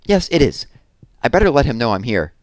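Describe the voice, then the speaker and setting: A man voicing a small, curious baby barn owl from a storybook, wide-eyed and excitable. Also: mid-range voice, brisk, dry recording, lightly acted. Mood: eager.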